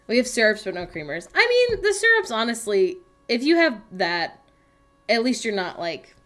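Lively, chatty young woman. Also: a little high, moderate pace. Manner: chatty and playful, teasing. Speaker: livestream co-host. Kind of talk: casual chat on a productivity livestream.

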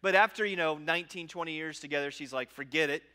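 A man in his forties delivers a sermon in a conversational style, with a sharp, bright tone. He jokes at his own expense and often circles back, repeating half-finished phrases before landing the point. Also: fairly high pitch, fast talker, clear, resonant tone. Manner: self-deprecating humor. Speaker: pastor.

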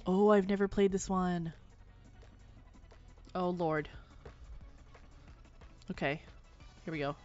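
A woman streaming a video game, giving excitable live commentary, yelling and swearing at the game. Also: lowish voice, extremely slow, pauses often, highs cut off, soft background music.

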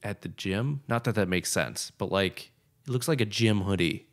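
A man's voice: on the low side, expressive, moderate pace. A man co-hosting a casual film commentary podcast, rambling critically with lots of fillers like "like". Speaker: podcast co-host.

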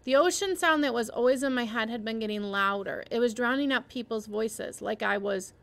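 A woman's voice: on the high side, fairly quick, gravelly, a bit bright. A woman teacher reading a novel aloud to her class and stopping to explain parts to the listeners.

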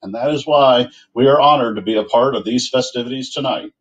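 A man's voice: mid-range voice, fairly quick. Formal man reading prepared remarks. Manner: formal, steady. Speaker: company executive, presenter. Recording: dull, lo-fi audio.

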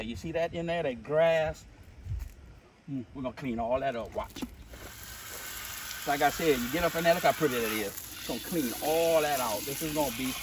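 A Louisiana host with a Cajun accent walks through a hands-on how-to demonstration, boisterous and packed with slang like "dude" and "boom." The mic sits far off, and outdoor noise is loud.

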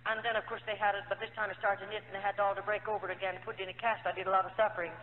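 A woman's voice: medium pitch, flat delivery, racing. A former nun giving an emotional personal testimony, telling her story earnestly and acting out the dialogue of the people in it. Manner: earnest storytelling, acts out quoted dialogue, frequent "you know". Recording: tinny lo-fi archive recording in an echoey hall.

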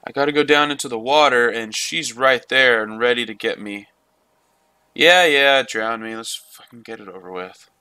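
A man talking his way through a game in a let's play, with a bright, forceful voice. He swears freely and keeps up a running chat with himself and the screen. The sound is close and dry. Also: mid-range voice, normal speed, smooth, no room sound. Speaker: gamer. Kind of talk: let's play gameplay commentary.

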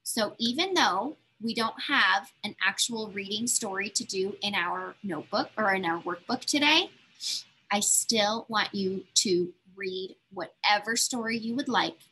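A woman teacher walks young children through a reading lesson, speaking slowly and patiently. Her voice is bright, a bit high and slightly breathy. She keeps the tone encouraging throughout. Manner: patient and encouraging, coaxing young learners along. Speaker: elementary school teacher.

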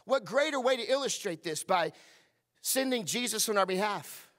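A middle-aged man preaching a sermon, leading call-and-response and hushing his voice for quoted lines. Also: sits high, animated, normal speed. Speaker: pastor. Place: church service.

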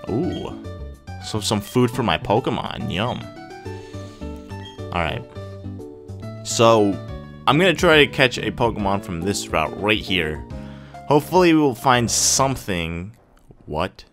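A young man giving casual, excitable gameplay commentary, swearing and reacting loudly. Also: low-pitched, a little slow. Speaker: let's play gamer. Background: game music.

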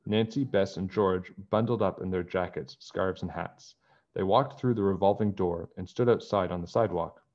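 A man reading a children's chapter book aloud in steady, plain narration. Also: deep voice, normal speed, dull audio. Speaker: storybook reader.

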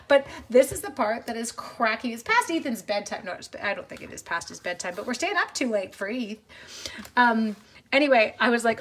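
A woman's voice: on the high side, animated, a little fast, a bit bright, slight background noise. A woman, chatting casually as she hosts a craft demo and talks to viewers between steps. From Canada. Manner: chatty, giggly, with asides to viewers. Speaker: craft demonstrator and host.

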